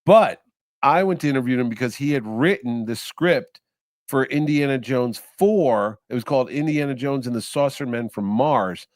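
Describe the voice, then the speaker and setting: A man's voice: mid-range voice, normal speed, no room sound, clean studio sound. A man, a podcast guest who organizes conventions, telling long anecdotes and acting out what people said. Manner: animated, acts out quoted voices.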